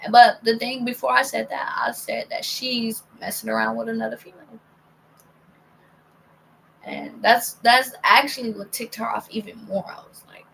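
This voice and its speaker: A young woman rambles through a personal story in a casual monologue. Her slightly high voice is full of gravelly fry, and she keeps slipping into hushed near-whispers. A faint hiss sits behind her. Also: fairly even intonation, normal speed, rough recording. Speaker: vlogger.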